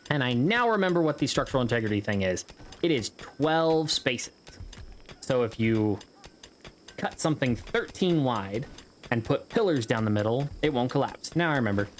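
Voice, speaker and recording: A man's voice: medium pitch, expressive, moderate pace, slight background noise. A man giving casual, rambling gameplay commentary, joking around and swearing freely as he plays. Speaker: gameplay video host.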